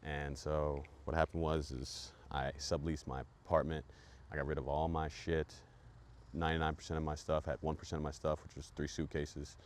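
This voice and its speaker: Speaking at normal speed in a level tone, a man with an extremely low voice hosts a podcast and tells a hyped, profanity-laden story that repeats itself a lot. Slight background noise can be heard.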